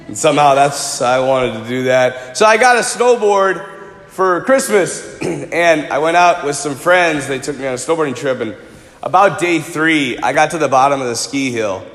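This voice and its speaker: A man in his forties preaching a sermon, animated and conversational, telling personal stories. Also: on the high side, moderate pace. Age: 40s. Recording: echoey hall.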